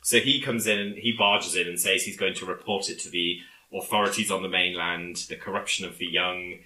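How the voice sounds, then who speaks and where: A man casually recapping a film on a podcast, halting often with fillers as he retells scenes. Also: low voice, steady tone, bright, forceful tone, reverberant, low-quality recording. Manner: rambling, halting with many fillers. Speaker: podcast co-host.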